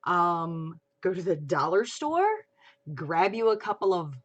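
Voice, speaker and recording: A woman hosting a casual livestream chat, chatty and expressive, swearing casually. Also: fairly low pitch, measured pace, highs cut off. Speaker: livestream host. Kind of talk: casual chat about fan fiction.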